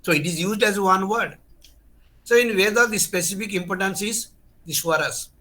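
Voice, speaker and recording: A man's voice: high-pitched, normal speed, pushed and bright. A man, teaching Sanskrit grammar in a lecture, earnest and emphatic, repeating key terms and restarting phrases as he explains. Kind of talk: online lecture.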